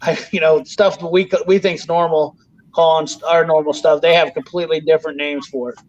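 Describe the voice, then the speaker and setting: Give me a high-voiced man in casual podcast chat, rambling and swearing, with a dull lo-fi sound. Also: steady tone, a little fast, darkish tone, slight background noise. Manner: rambling storyteller, swears freely. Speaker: podcast host.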